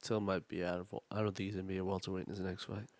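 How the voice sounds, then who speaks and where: A man's voice: sits low, little pitch movement, racing, darkish tone. A man co-hosting a sports podcast, chatting in a slangy, agreeable way and swearing freely. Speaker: podcast co-host. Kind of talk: casual chat.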